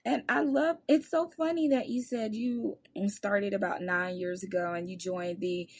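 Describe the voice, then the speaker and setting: A woman's voice: mid-range voice, steady tone, unhurried, dry recording. A woman hosting an interview podcast, asking questions in a playful, easygoing way. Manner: playful, laughing easily. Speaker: podcast host. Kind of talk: casual interview chat.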